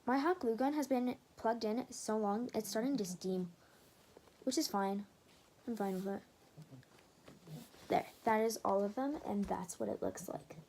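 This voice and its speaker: A woman's voice: fairly high pitch, unhurried, pauses often, darkish tone, slight background noise. A woman hosting a casual DIY craft tutorial, chatting her way through each step and correcting herself as she goes.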